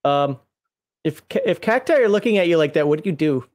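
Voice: mid-range voice, animated, a little fast, a little mellow. A co-host in casual chat, reading entries from a game book aloud with playful asides and frequent laughter.

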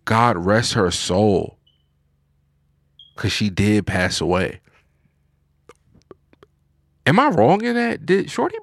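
A man's voice: on the low side, very animated, slow pace, pauses often, no room sound, clean studio sound. A man chatting casually, rambling through a story with lots of filler words. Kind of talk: casual chat.

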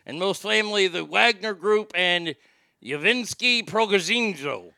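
A man hosting a podcast, chatting in an excitable, profane way and stumbling over names as he reads news out loud. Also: high-pitched, a little slow, vocal fry, no room sound, studio quality. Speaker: podcast host. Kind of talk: casual banter.

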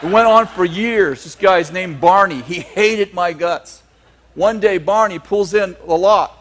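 A male preacher telling a long, humorous story in a sermon, animated and chuckling, with emphatic asides. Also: high voice, measured pace, a little hiss or hum.

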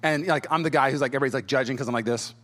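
A man preaching a sermon as a pastor, telling a personal story in an animated way, acting out quotes in different voices and chuckling often. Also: medium pitch, very fast, a little hiss or hum. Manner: chuckles as he talks.

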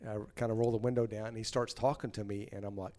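A man's voice: on the low side, quick pace. A man, a former touring band member, telling casual stories and acting out the people he quotes. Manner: animated anecdotes, acting out quoted voices. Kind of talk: casual storytelling.

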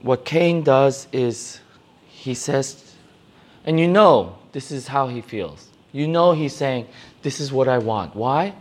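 A young man preaching a sermon to youth, animated, acting out the voices in his stories. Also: mid-range voice, slow pace. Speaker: youth pastor.

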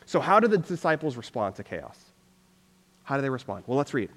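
A man giving a casual conversational sermon, energetic and loose, scattering "like" through his talk. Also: medium pitch, a little fast. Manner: energetic, loose, full of "like" fillers. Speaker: preacher. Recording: long reverb from a hall.

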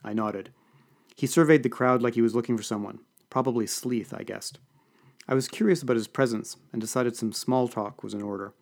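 A man's voice: mid-range voice, fairly even intonation, a little fast, vocal fry, darkish tone. A man narrating an audiobook in the first person, dry and wry.

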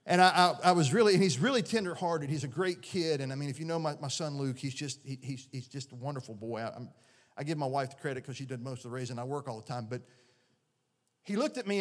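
Earnest preaching man in a reverberant hall. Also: a little high. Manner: earnest, conversational preaching with many restarts. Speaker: pastor. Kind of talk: sermon. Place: church sanctuary. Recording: long reverb of a large hall.

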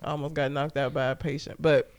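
A high-pitched man with a clean, smooth voice, chatting loosely as a podcast co-host. He tells stories bluntly, swears freely and laughs along as he goes. His talk stays casual and unfiltered. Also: little pitch movement, brisk. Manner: blunt, profane storytelling with frequent laughs. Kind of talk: casual chat.

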